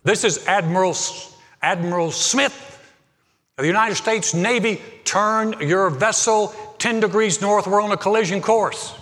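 A man voicing a proud, stern male navy admiral, giving loud, emphatic orders. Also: on the high side, fairly even intonation, measured pace. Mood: indignant. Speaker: admiral in a told story. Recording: long hall reverb, faint music.

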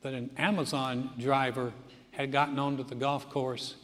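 A man's voice: mid-range voice, level tone, normal speed, noisy background. A middle-aged male pastor preaching a sermon in a church sanctuary, telling funny stories and acting out other people's voices. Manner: storytelling with jokes and acted-out voices. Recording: long hall reverb.

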